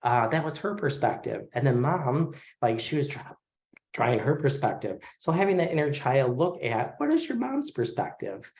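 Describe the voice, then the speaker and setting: A man in his forties leads an online class on healing the inner child. His speech is loose and friendly, full of pauses and fillers. His voice sits at a middle pitch and comes through a video call. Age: 40s. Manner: relaxed and conversational, with many fillers. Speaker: craniosacral therapy instructor. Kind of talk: casual online lecture.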